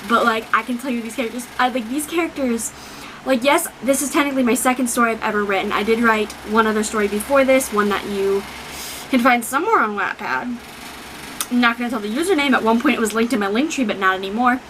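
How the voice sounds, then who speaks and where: Chatty young woman vlogging, high-ish voice. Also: fast, background noise. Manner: rambling, swears freely, many fillers; emotional, near tears. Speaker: book vlogger. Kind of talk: casual vlog talk.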